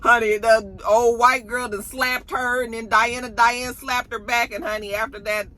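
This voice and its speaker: A woman's voice: a little high, flat delivery, moderate pace, sharp tone. A woman chatting through a TV episode recap in a sassy, gossipy way, calling listeners honey and child. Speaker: TV episode reviewer. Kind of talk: casual recap chat.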